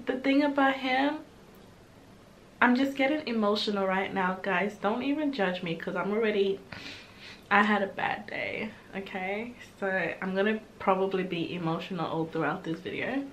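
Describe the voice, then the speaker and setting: A woman's voice: mid-range voice, normal speed, slight background noise. A young woman hosting a music reaction video, chatting casually and gushing emotionally over each song. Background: song playing in the background.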